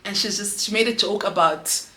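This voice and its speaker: A woman's voice: mid-range voice, moderate pace, bright, forceful tone. Woman, 30s, earnest candid vlog talk, echoey room. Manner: emotional, earnest, drops in local words. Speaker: vlogger and mother. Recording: roomy echo.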